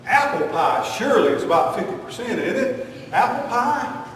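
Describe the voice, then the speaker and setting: A man preaches in a folksy, joking way, peppering his sermon with homespun sayings. His voice sits high and carries from some distance off the mic. The sound rings through a big echoey church hall. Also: sing-song, moderate pace, slight background noise.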